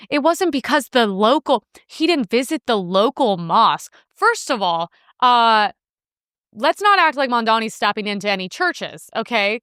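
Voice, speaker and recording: A woman's voice: on the high side, a bit bright, smooth, no room sound, clean studio sound. A woman hosting a political commentary show, reacting to news clips in a brash, sarcastic, profane way.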